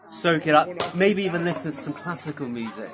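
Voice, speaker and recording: A Welsh man, a guitarist, chatting in a rambling, animated way in a backstage interview. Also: fairly high pitch, fairly quick. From Wales. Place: backstage after a gig. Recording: crowd noise behind. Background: crowd noise.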